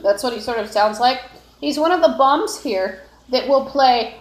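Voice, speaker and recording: A woman with a slightly high voice talks to her phone in a long, wandering monologue full of fillers and false starts. She is in an apartment, and the room gives her voice a noticeable echo. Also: lively intonation, moderate pace. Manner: meandering, with frequent fillers and restarts. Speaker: livestreamer. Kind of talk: rambling solo live stream. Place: indoors in an apartment. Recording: echoey room.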